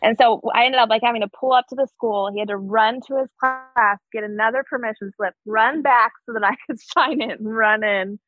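A woman's voice: fairly high pitch, fairly quick, few pauses, narrow, tinny audio, soft background music. A woman chatting as a podcast guest, telling stories and quoting her kids. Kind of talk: casual chat.

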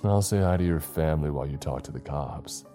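A sly monster in human form, voiced by a male narrator, taunts in a very deep, dark voice. He sounds smug and calm, menace under every word. It is a horror story reading. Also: fairly quick, soft background music. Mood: smug, menacing.

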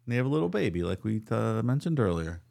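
A man's voice: lowish voice, big pitch swings, fast, vocal fry, darkish tone. A man co-hosting a casual podcast chat, laid-back and laughing easily. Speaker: podcast co-host.

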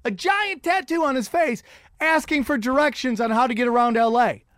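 A man's voice: very high voice, normal speed, a bit bright, clean tone, no echo, clean studio sound. A man hosting a casual chat, telling rambling, profane, self-mocking stories.

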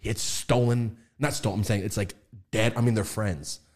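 A young man hosting a podcast, chatting casually and telling animated stories with quick jumps into high mimicking voices. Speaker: podcast host.

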